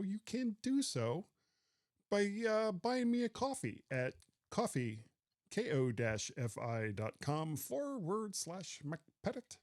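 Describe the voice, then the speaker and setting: Lively, animated man hosting a podcast. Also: fairly high pitch, no room sound, studio quality. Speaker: podcast host. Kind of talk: casual tech podcast chat.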